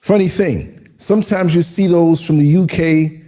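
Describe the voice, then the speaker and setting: A man's voice: on the high side, normal speed, dark tone. American man telling a sarcastic story. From United States. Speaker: podcast host. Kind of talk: casual conversation. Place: living in Africa.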